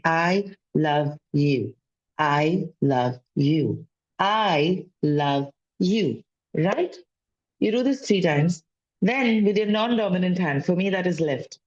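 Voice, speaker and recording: A woman's voice: mid-range voice, a little mellow. A woman gives a casual spiritual teaching talk as a wellness coach, speaking conversationally and often repeating phrases and adding "right?". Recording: dull lo-fi sound.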